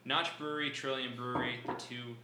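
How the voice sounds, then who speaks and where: A man's voice: medium pitch, little pitch movement, fairly quick, pushed and bright. A man guest talking fantasy sports picks in casual chat, laughing often. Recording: roomy echo, faint background noise.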